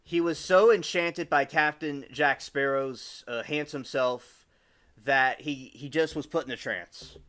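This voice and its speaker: A man's voice: medium pitch, unhurried, fairly bright tone. A man in his twenties rambling casually on a live stream, greeting chat viewers by name and restarting his sentences often. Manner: rambling and chatty, with many restarts.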